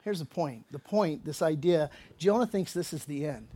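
Casting note: high-pitched male pastor, chatty sermon delivery, jokey asides. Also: normal speed, warm tone. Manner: casual, conversational preaching with asides and acted-out dialogue. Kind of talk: expository sermon.

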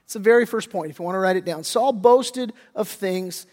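A man's voice: high-pitched, brisk, a little mellow. A male pastor giving a sermon, talking casually and conversationally, often repeating words as he restarts. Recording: long hall reverb.

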